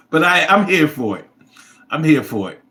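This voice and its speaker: A man's voice: on the high side, sharp tone. A man hosting a casual livestream who reads viewer comments and talks in a blunt, profane, rambling way. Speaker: livestream host reading chat.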